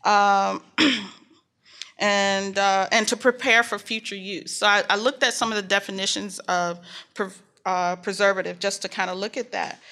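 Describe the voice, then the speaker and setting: A woman's voice: medium pitch, bright, forceful tone. A middle-aged woman leading a Bible study group in a casual teaching talk, conversational and full of fillers and personal stories.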